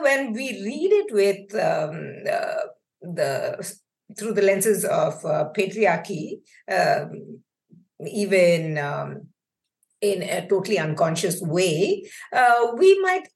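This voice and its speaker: Measured woman scholar with many fillers. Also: mid-range voice. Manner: measured, with frequent ums and uhs. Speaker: guest, Old Testament scholar. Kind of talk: thoughtful interview answer.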